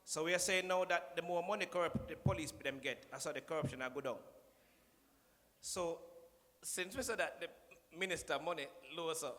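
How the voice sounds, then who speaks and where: A man speaks from a podium in a conference hall, addressing the minister in a joking public speech with a Jamaican accent and bits of patois. His fairly high, slightly bright voice moves at a moderate pace, echoing with the long reverb of the large hall.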